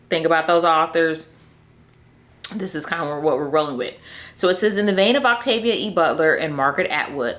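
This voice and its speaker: A young woman vlogging casually about her book picks, animated and laughing often as she talks to viewers. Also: sits low. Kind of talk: casual chat to camera.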